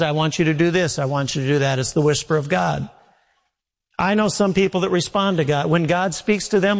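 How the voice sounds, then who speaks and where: A man's voice: a little high, long reverb tail. A man preaching a sermon as a pastor, folksy and storytelling, acting out little quotes as he goes.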